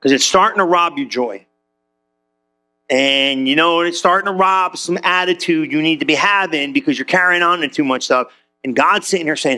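A middle-aged man preaching a sermon as pastor, conversational and animated, acting out quotes in little voices. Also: sits high, brisk.

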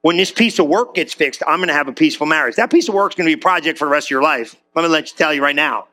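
A middle-aged male pastor preaching a lively sermon, joking and calling out to the congregation. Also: a little high, racing. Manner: animated, joking, calls out to the congregation.

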